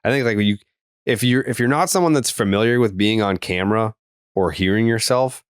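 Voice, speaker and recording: A man's voice: fairly low pitch, a little fast, clear, resonant tone, dry recording, clean studio sound. A man from the Boston area with a faint Boston accent, co-hosting a podcast and telling rambling stories with plenty of swearing and restarts. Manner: loose storytelling, swears freely, many likes and restarts. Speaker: podcast co-host. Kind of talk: casual chat.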